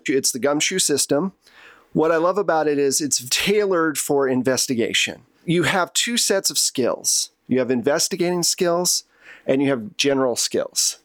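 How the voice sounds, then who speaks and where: Relaxed man explaining game rules. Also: fairly high pitch, no echo. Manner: relaxed, conversational, chuckling explanations. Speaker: game master.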